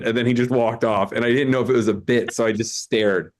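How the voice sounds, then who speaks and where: A man runs an online comedy show over a video call, his medium-pitched voice steady in tone as it comes through the call mic. The banter is casual and loose, full of rambling, stammered restarts, and quick asides.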